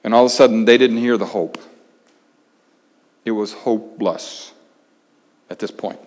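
A man preaching a sermon in a conversational way, pausing dramatically and dropping his voice very low for emphasis. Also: darkish tone. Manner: conversational, dramatic pauses, drops to near-whisper for emphasis. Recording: long reverb of a large hall.

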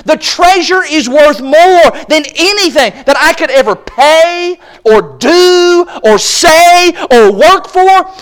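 High-voiced impassioned male preacher. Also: expressive, slow pace, hardly any pauses. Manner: impassioned, builds to loud exclaims, acts out quoted voices. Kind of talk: sermon. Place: church service.

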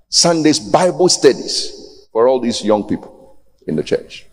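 Male preacher, mid-pitched, challenging and pleading, long church reverb. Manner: challenging, pleading, rising to emphatic peaks. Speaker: pastor. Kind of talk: sermon.

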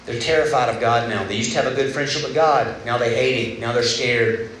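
A man's voice: mid-range voice, a little fast, fairly bright tone. A young man preaching a sermon at a retreat, talking in a conversational way and acting out the voices he quotes. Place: large room at a retreat. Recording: echoey room with faint background noise.

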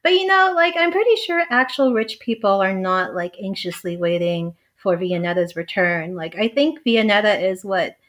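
A woman's voice: mid-range voice, moderate pace, few pauses, fairly bright tone. Young woman guest on a podcast, hesitant chatty talk, says like a lot. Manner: hesitant, filler-heavy, laughs often. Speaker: astrologer guest. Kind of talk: casual chat.

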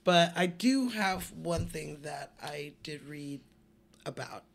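A man co-hosting a casual movie podcast, telling stories in an animated way, acting out the people he quotes and swearing freely. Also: a little high, takes it slowly, vocal fry. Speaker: podcast co-host.

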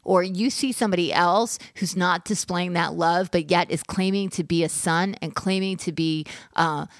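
A woman's voice: lowish voice, steady tone, dry recording, studio quality. A woman hosting a faith podcast, moved and effusive as she responds in casual chat. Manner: moved and effusive, talks in quick bursts.

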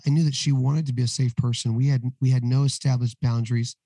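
Hoarse man with a low, mellow voice. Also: flat delivery, fast talker, no room sound, rough recording. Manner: candid, storytelling, acts out dialogue. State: hoarse, voice recovering after losing it. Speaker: guest, recovery ministry co-founder. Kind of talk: casual podcast interview.

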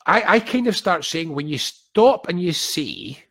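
An older Scottish man in casual conversation, an animated storyteller who acts out quoted voices with wry humour. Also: fairly high pitch, unhurried, hardly any pauses. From Scotland.

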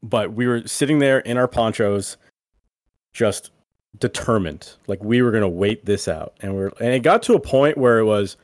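A man with a low voice telling a rambling story on a casual podcast, scattering "like" through every sentence. The sound is dry and close, with no room echo. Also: normal speed. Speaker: podcast co-host. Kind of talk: casual chat.

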